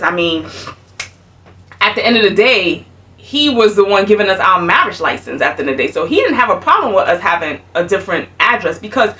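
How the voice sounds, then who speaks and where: A young adult woman telling a casual storytime, animated and laughing, often repeating herself. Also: medium pitch, fairly quick. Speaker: vlogger. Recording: voice a bit far from mic.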